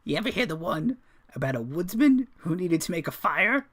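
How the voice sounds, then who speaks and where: A man's voice: sits high, big pitch swings, moderate pace, a bit bright, voice pushed up, heavily acted. A man voicing a short, gaunt male jester who taunts and sneers. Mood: mocking.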